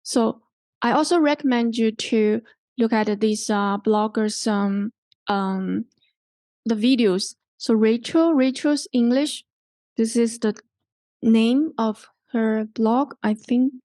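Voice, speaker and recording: A woman's voice: fairly high pitch, warm tone, no echo. A woman with a Hong Kong accent teaching an online English pronunciation workshop, explaining step by step and often checking in with "okay?". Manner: explains slowly, repeats and rephrases, checks with "okay?". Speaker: workshop instructor.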